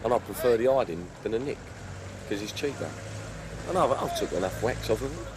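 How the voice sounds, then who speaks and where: A football supporter telling blunt stories and acting out what others said. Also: male voice, medium pitch, expressive, fairly quick. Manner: blunt, storytelling, acts out quotes. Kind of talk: telling an anecdote in an interview. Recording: street noise outdoors.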